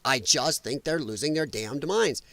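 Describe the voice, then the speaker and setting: A man's voice: mid-range voice, animated, moderate pace, a bit bright, dry recording. A man hosting a live political commentary show, ranting in an exasperated, mocking and profane way. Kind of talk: live solo political rant.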